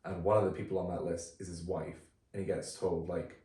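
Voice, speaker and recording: Relaxed man in a roomy room. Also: deep voice, fairly quick, few pauses. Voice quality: relaxed, chatty with frequent fillers. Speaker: podcast co-host. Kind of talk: casual film review chat. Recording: roomy, distant from the mic.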